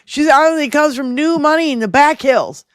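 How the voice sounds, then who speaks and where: A woman's voice: sits high, animated, a little fast, no echo, clean studio sound. A woman co-hosting a casual political chat show, talking bluntly and angrily with heavy swearing. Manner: blunt, profane, heated. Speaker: podcast co-host.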